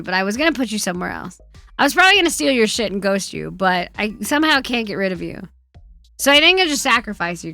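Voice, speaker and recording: A woman streaming from home, chatting casually with her chat, swearing a lot and swinging between loud outbursts and quiet muttering. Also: mid-range voice, no room sound.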